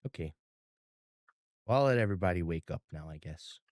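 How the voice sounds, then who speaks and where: A man's voice: low-pitched, expressive, fairly quick, darkish tone, dry recording, clean studio sound. A man voicing a shy, sweet little boy in a tabletop game, speaking hesitantly with many ums.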